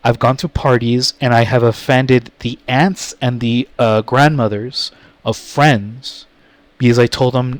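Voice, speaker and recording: A man vlogger telling a story to his viewers, blunt and profane, talking slowly and rambling. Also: mid-range voice, steady tone, no echo. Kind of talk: casual story time to camera.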